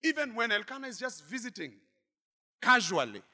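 Fiery shouting male preacher. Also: very high voice, big pitch swings, moderate pace, long reverb tail. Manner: dramatic, swings between shouting and murmuring asides. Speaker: pastor. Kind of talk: sermon. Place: church.

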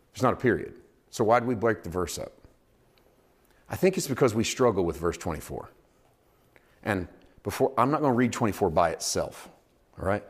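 A middle-aged man preaching a sermon, swinging from loud emphatic peaks down to quiet, low asides. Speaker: pastor.

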